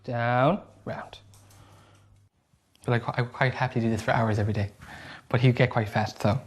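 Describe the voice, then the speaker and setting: A man's voice: mid-range voice, steady tone, normal speed. An Irish man and community board member, speaking earnestly and reflectively in a documentary interview.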